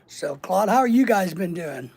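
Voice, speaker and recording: Middle-aged guy on a livestream, husky and a bit creaky, rambling and joking with chat. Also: high voice, animated, moderate pace, a little mellow, dry recording. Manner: rambling, jokey, repeats words and lists. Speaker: livestream host reading chat. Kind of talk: casual chat.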